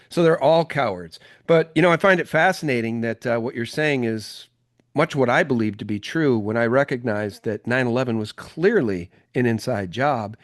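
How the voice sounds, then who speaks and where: A man's voice: mid-range voice, moderate pace, no echo, clean studio sound. A man hosting an interview podcast, talking in an emphatic, indignant way. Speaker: podcast host. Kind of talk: conversational interview.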